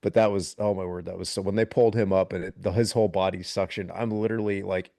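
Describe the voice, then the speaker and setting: A military veteran guest with a very low voice, spinning a story in relaxed podcast chat. He talks in an animated way and breaks into laughter now and then. The sound is dry and close. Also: fast talker, vocal fry, dry recording.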